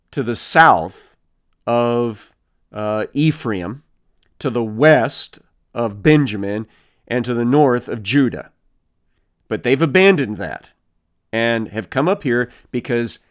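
A man teaching through a Bible passage, reading verses aloud and retelling them in casual, animated everyday speech. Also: medium pitch. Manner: reads verses, then paraphrases casually with animated character voices.

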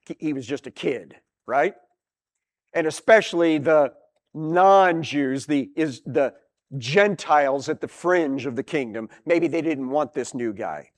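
Male Bible teacher, high voice, animated and explanatory. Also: a little slow.

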